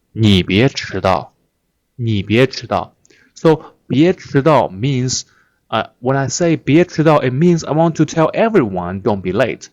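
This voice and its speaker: A man whose first language is Chinese, teaching a language lesson patiently, repeating words with many fillers. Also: fairly low pitch. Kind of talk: slow explanatory lesson.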